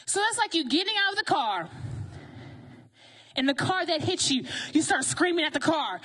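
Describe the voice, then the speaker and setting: High-voiced woman preaching animatedly. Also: normal speed, long pauses. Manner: animated, conversational, asks the congregation questions. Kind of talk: sermon.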